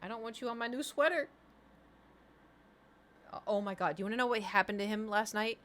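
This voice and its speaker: A woman's voice: mid-range voice, a bit bright, slight background noise. A woman streamer chatting casually, telling rambling stories and talking to her cat.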